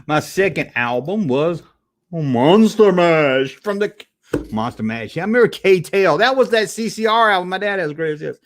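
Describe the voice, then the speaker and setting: A man's voice: sits high, lively intonation, fairly quick, hardly any pauses, fairly bright tone. A man hosting a live stream, rambling casually and reacting to chat with stammered restarts and casual swearing.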